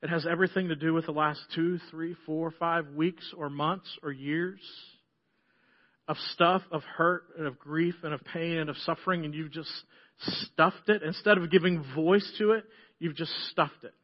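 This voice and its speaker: A middle-aged man preaching a sermon as pastor, earnest, often dropping to a soft hush on key phrases. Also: fairly high pitch, fairly even intonation, normal speed, lo-fi sound.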